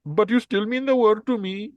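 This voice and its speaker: A man reading out the lines of an emotional young trans woman, pitched high and pleading. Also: normal speed, no room sound, lo-fi sound, close to an everyday voice. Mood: tender pleading. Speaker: co-host.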